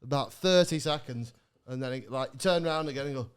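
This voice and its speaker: A man's voice: mid-range voice, fairly quick, clean tone. A man co-hosting a podcast, telling a rambling anecdote full of restarts and swearing. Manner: rambling with fillers and restarts, swears, laughs mid-sentence. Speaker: podcast co-host.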